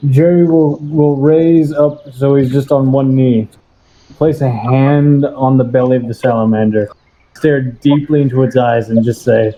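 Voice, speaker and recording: A man playing a tabletop game, describing his character's actions deliberately and hesitantly, with fillers. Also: mid-range voice, steady tone, mellow. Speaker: player. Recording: muffled lo-fi audio.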